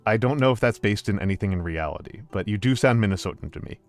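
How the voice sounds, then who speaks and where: A man's voice: lowish voice, animated, quick pace, faint music behind. A man streaming a game and chatting with his viewers, with many ums and uhs and frequent restarts. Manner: hesitant, filler-heavy, warm greetings to chat. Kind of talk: casual stream chat.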